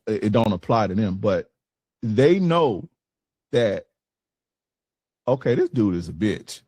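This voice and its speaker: A man's voice: on the high side, vocal fry, a little mellow, dry recording. Blunt, profane man coaching on dating. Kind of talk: casual coaching talk to a group.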